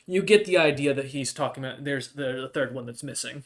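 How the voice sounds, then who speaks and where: A man's voice: medium pitch, fairly quick, fairly bright tone. A man narrating as game master of a tabletop game, hesitant and full of ums and uhs.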